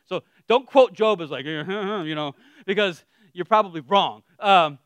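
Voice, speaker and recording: A man preaching a casual, humorous sermon, animated, with self-deprecating asides that trail off quietly. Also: high-pitched, unhurried, smooth, dry recording.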